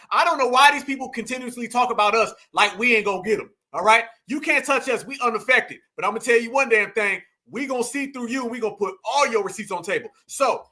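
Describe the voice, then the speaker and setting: Male commentary host, high and bright, mocking, emphatic rant. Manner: mocking, preachy, emphatic with asides to viewers. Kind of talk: heated commentary monologue.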